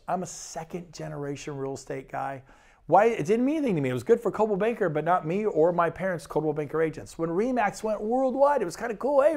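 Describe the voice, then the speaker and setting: A man's voice: high-pitched, a little mellow. A man giving an enthusiastic sales presentation about real estate, talking conversationally and acting out quotes.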